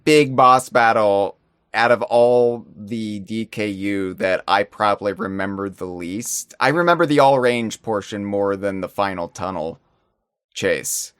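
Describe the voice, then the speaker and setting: A man's voice: fairly low pitch, smooth, no room sound, clean studio sound. A man as a guest on a podcast, chatting casually and with animation. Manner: animated, chatty, quick to laugh.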